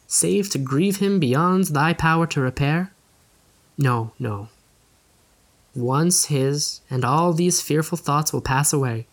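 A frail, agitated old father, voiced by a man reading aloud. He talks with urgent, fatherly persuasion in archaic speech. It is an audiobook reading, kept close to the reader's own voice. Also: mid-range voice.

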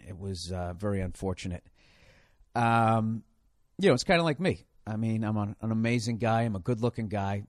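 A man's voice: lowish voice, normal speed, dry recording, clean studio sound. A man hosting a comedy show, ranting in a sarcastic, profane and rambling way. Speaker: comedian host.

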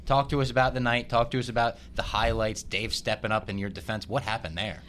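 A man's voice: fairly low pitch, fairly even intonation, fast talker, fairly bright tone, slight background noise. A man hosting a podcast, casually and upbeat, prompting his guest with questions. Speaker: podcast host.

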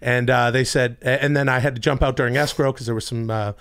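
A man's voice: medium pitch, steady tone, fast, fairly bright tone, clear, resonant tone. A man, a podcast guest, chatting casually and telling a rambling story, acting out the people he quotes in a raised voice. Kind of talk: casual chat. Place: Los Angeles.

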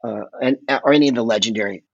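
A man's voice: on the low side, rapid-fire, gravelly, darkish tone, breathy edge, no room sound. Rambling, emphatic man on a dull line. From San Francisco Bay Area. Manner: rambling, emphatic, swears freely. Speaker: podcast guest. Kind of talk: casual conversational storytelling.

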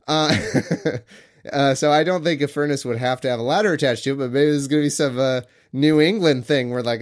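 A man's voice: mid-range voice, a little fast. A man from California co-hosting a podcast, working through a quiz question in rambling, joking casual chat that keeps cutting itself off. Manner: rambling, self-interrupting, joking. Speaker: podcast co-host answering a quiz.

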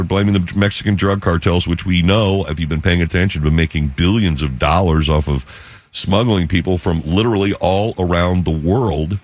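A man hosting a talk radio show, delivering an emphatic news monologue and slowing down to stress figures. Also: deep voice.

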